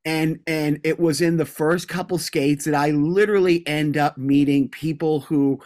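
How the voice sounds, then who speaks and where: A man from Boston co-hosting a podcast, telling rambling, animated anecdotes in casual chat. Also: a little high, moderate pace. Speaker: podcast co-host.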